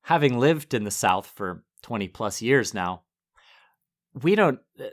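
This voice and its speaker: A man's voice: medium pitch, expressive, a little slow. A man co-hosting a book podcast, from the northern United States, chatting casually and laughing often. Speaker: podcast co-host.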